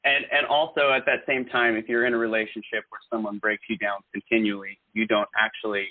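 A man's voice: on the low side, little pitch movement, brisk, no room sound. Earnest rambling man on a tinny line. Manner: earnest, rambling with filler words and restarts. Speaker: guest host. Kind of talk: casual podcast chat.

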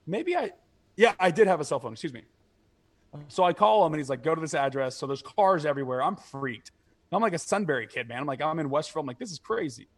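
A man's voice: on the high side, very animated, fast talker. A young man co-hosting a podcast, telling stories in casual chat, swearing freely and laughing as he acts out other people's lines. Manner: profane, laughing, acts out quoted voices. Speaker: podcast co-host.

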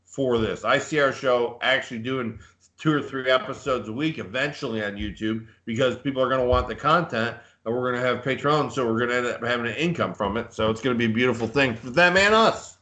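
A man's voice: mid-range voice, fairly quick, bright, forceful tone. A man co-hosting a casual live podcast, a boastful, rambling storyteller who talks up his own toughness. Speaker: podcast co-host.

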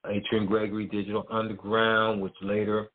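A man's voice: lowish voice, flat delivery, normal speed. A middle-aged man, a music promoter, telling a story as a guest in loose, slangy casual talk. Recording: tinny phone-like line.

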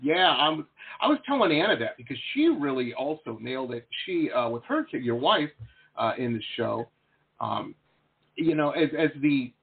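A man's voice: mid-range voice, sing-song, moderate pace, vocal fry, breathy edge. A man hosting an interview over a video call, chatty, jokey and rambling. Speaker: host, painter. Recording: tinny phone-like call audio.

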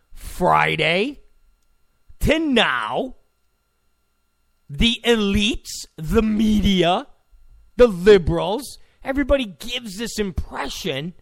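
Male commentator, sarcastic ranter, high gravelly voice, unhurried delivery. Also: very animated, fairly bright tone, no room sound, studio quality. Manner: sarcastic, mocking, blunt. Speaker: political commentator. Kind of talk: ranting political commentary.

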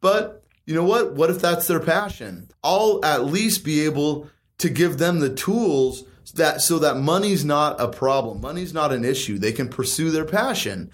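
A man's voice: on the high side, expressive, moderate pace, few pauses. A confident man who invests in and teaches real estate, talking in an emphatic, persuasive way with rhetorical questions. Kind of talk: casual chat.

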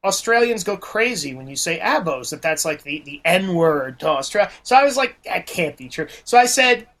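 A man from New Jersey hosting a podcast, chatting casually and telling blunt, profane stories with animated quoted voices. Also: high voice, moderate pace. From New Jersey, USA. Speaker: podcast host. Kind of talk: casual chat.

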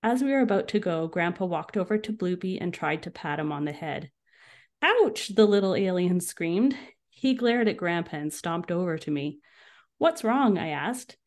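Brief: woman reading a storybook aloud with expression, slightly low voice. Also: expressive, normal speed, a little mellow. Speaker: guest author.

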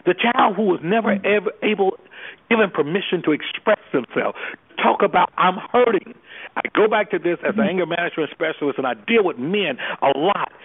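A man's voice: high voice, lively intonation, a little fast, husky. A man who works as an anger management specialist, speaking with preacher-like fervor and throwing out rhetorical questions. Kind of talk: impassioned talk on a call-in discussion. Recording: tinny phone line.

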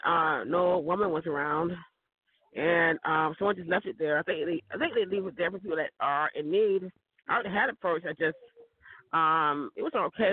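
Hoarse woman rambling on a tinny line. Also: on the low side. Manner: rambling, chuckles often, repeats words. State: hoarse from a cold. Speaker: vlogger. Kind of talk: casual rambling monologue. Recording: tinny phone-like dry recording.

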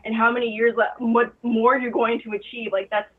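A woman's voice: fairly high pitch, level tone, a little fast, crowd noise. A young woman calling in to a radio show, effusive and emotional, saying "like" a lot. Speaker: caller. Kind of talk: phone call-in chat. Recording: tinny phone line.

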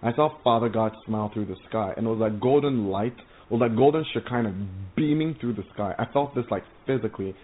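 Man, preacher, earnest and halting, repeats words, thin phone-like sound. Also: medium pitch. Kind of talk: testimony sermon. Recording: tinny phone-like audio.

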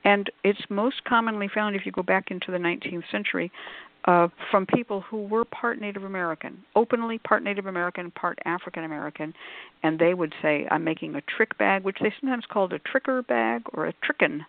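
Gravelly woman lecturing over a phone line. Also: mid-range voice, brisk, no echo. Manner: discursive, explanatory, scholarly asides. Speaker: author and panel guest. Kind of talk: call-in radio panel talk.

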